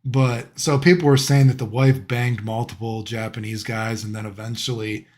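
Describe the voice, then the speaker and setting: A man's voice: mid-range voice, steady tone, normal speed, a little mellow. A young man streaming live, telling a story casually and laughing often through it.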